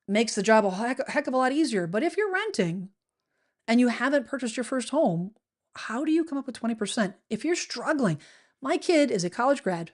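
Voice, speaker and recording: A middle-aged woman and real estate agent talking to camera, chatty and animated, often restarting her sentences. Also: fairly high pitch. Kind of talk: casual explanatory talk to camera.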